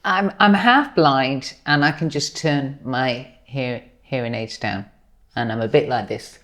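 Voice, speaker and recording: A woman's voice: rumbling low, unhurried, fairly bright tone. A woman co-hosting a casual chat show, telling rambling anecdotes with cheeky swearing. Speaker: co-host.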